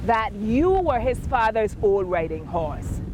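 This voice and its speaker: A woman's voice: medium pitch, big pitch swings, measured pace, noisy background. A woman voicing a proud young engaged lady who speaks primly and with indignation. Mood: indignant. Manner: prim and indignant.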